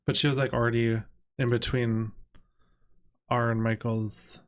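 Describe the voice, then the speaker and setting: A man's voice: medium pitch, flat delivery, a little slow. A man co-hosting a podcast in casual chat, chiming in with short, dry, joking remarks. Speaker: podcast co-host.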